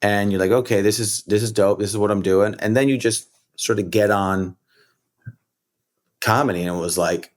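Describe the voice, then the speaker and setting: On a podcast, a middle-aged American who raps and does comedy talks at normal speed in a low voice. He rambles through animated stories in a casual interview, filling gaps with plenty of "like" and "you know."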